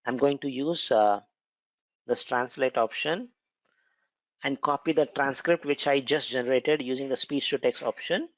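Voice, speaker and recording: A man's voice: mid-range voice, moderate pace, no room sound, muffled recording. A man with an Indian accent teaching a technical lesson, explaining step by step and often correcting himself. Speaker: instructor. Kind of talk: technical lecture with screen demo.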